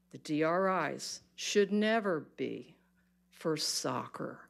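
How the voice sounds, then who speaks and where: Blunt, exasperated woman with a low voice. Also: creaky. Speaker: public commenter. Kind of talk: public comment at a county meeting. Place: county board meeting chamber.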